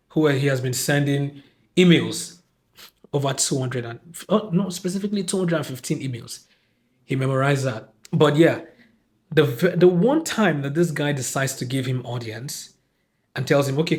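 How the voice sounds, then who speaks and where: Exasperated Nigerian man ranting animatedly. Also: fairly high pitch. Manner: animated, exasperated, acts out quoted lines. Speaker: podcast host and film reviewer. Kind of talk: casual spoken film review.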